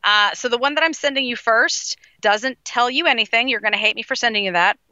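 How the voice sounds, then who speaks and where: A woman co-hosting a podcast, her voice bright and forward, with a dull lo-fi and dry recording. She laughs a lot, swears casually and reads her researched notes in an easy chatty way. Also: fairly high pitch, fairly quick, no room sound. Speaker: podcast co-host presenting researched story.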